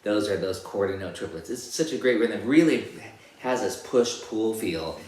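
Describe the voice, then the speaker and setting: A man giving a casual guitar lesson, counting beats and singing rhythms as syllables in a relaxed, rambling way. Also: fairly low pitch, moderate pace. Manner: sings rhythms as syllables while demonstrating on guitar; relaxed, rambling explanations with restarts. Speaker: guitar teacher. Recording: roomy room with loud guitar playing.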